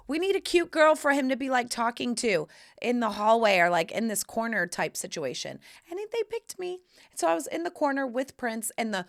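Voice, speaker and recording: A woman in her forties hosting a podcast, telling stories in a lively, casual chat full of fillers. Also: medium pitch. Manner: animated, chatty storytelling with lots of fillers. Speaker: podcast host. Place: room of a home studio.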